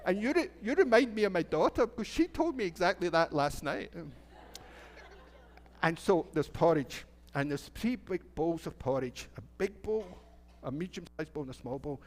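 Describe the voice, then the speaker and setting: A man's voice: a little high, big pitch swings, moderate pace. A middle-aged Scottish man, a minister, telling a children's story in church in a chatty, playful way and asking the children questions. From Scotland. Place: church sanctuary.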